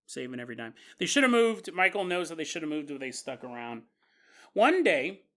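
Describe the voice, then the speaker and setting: Bright, animated male storyteller. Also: on the high side. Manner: animated, conversational, jokey. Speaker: podcast host. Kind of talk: storytelling narration.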